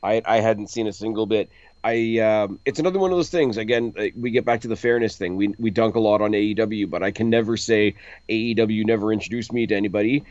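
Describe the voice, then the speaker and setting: Low-voiced man on a dull lo-fi mic. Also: a little mellow, dry recording. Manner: quick, emphatic opinions with short backchannels. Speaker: podcast co-host. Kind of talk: casual wrestling review chat.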